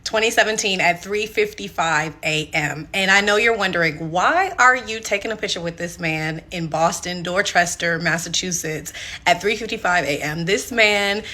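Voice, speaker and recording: A young woman vlogger telling a personal story in a chatty, animated way, talking straight to her viewers. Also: fairly low pitch, moderate pace. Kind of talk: storytime vlog.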